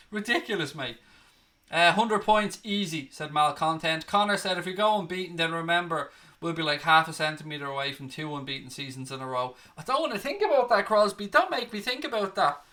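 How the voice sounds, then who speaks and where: A man's voice: high voice, animated, brisk, pushed and bright. A young man hosting a casual live stream, reading viewer comments aloud and calling them mate and buddy.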